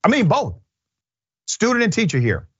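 A man hosting a news commentary show, talking in an animated, emphatic and wry way. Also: high-pitched, moderate pace, breathy edge, dry recording, highs cut off. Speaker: show host. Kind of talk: casual commentary.

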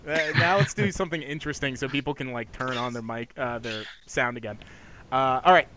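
A man's voice: medium pitch, fairly quick, noisy background. A man hosting a casual gaming podcast, laid-back and loose, swearing now and then. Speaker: podcast host.

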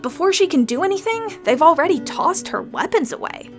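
A woman's voice: very high voice, lively intonation, fairly quick, soft background music. A woman narrating an adventure story in first person, wry and playful. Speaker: narrator and player character.

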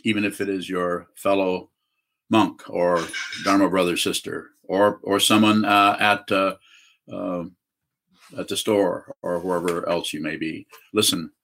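A man teaching as a Zen teacher on a video call, answering questions in a halting way with many fillers and restarts. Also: low-pitched, flat delivery, vocal fry, a bit bright.

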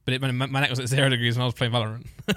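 A man's voice: mid-range voice, level tone, rapid-fire, a bit bright, dry recording. Playful young man, dry studio sound. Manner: laughs often, playful banter. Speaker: podcast co-host. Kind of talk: casual chat.

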